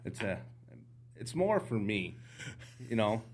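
A man's voice: lowish voice, slow. A man guesting on a podcast, telling hunting stories casually and acting out the dialogue. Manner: animated anecdotes, acts out dialogue. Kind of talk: casual storytelling.

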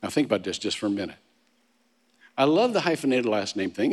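A man's voice: on the low side, big pitch swings, a little fast. A man pastor preaching a sermon, telling stories in a conversational way with frequent restarts and humorous asides. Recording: long reverb of a large hall.

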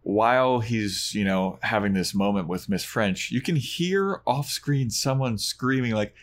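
A man in a relaxed podcast chat, recapping an episode with lively put-on voices for the characters. His voice sits a little low, and he often slides way up into a squeaky pitch for a quoted line. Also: a little slow. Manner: animated retelling, acts out quoted lines. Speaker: podcast co-host.

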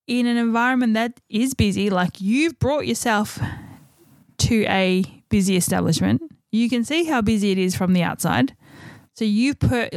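A woman's voice: medium pitch, no echo. A woman, chatting casually as a podcast co-host and telling stories animatedly with acted-out quotes. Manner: animated storytelling, acts out quotes, swears casually. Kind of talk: casual chat.

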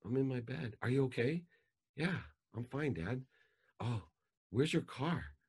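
A man quoting his teenage daughter on the phone with her father, in a lightly raised, lively voice. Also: mid-range voice, measured pace, husky, pitched above the performer's own voice, heavily acted. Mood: calm. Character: teenage daughter, calm then upset.

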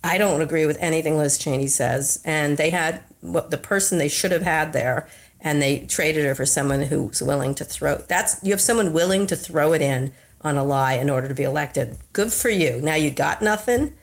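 A woman's voice: sits low, moderate pace. A woman born in Pennsylvania, talking bluntly and with strong opinions as a podcast guest. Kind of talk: casual conversation.

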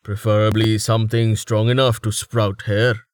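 A man putting on a hoarse, crude brawler. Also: lowish voice, level tone, moderate pace, dry recording, natural voice. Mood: wry. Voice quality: hoarse, rasping. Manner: blunt, swearing, brash. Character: gruff hoarse male brawler, crude good loser.

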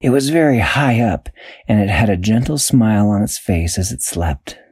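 A man spinning a bedtime story on the fly, his voice rising and falling in an animated way. His tone is mellow and a little husky, recorded dry and close. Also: lowish voice, moderate pace, no echo. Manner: animated, playful. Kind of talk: improvised storytelling.

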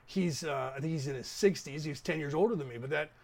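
Man, 50s, raised in the Bay Area; podcast host, loose rambling monologue, slightly raised pitch. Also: fast, gravelly, darkish tone. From San Francisco Bay Area. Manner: rambling, talks straight to listeners with asides. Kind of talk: casual opinion monologue.

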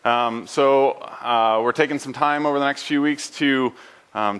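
A man preaching a sermon in a church building, earnest and halting, with frequent fillers and restarts. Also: medium pitch, a bit bright. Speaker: pastor.

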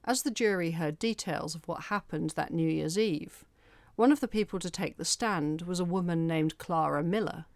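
A woman narrates a true-crime case in a measured, steady telling, her voice sitting a little low. She is recorded on a close mic in a dry, dead room. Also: no room sound. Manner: measured, even storytelling with careful detail. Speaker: podcast host.

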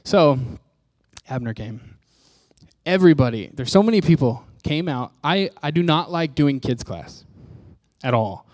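Somewhat high in pitch and animated, a man preaches his personal testimony a little slowly, his voice slightly mellow and free of room sound. He's frank and self-deprecating, acting out what people told him.

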